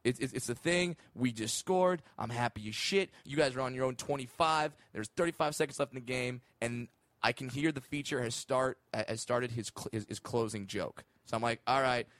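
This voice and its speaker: A man co-hosting a comedy podcast, telling stories in lively casual banter that breaks into loud shouts and laughter. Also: mid-range voice, moderate pace. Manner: animated storyteller, bursts into loud shouts and laughs.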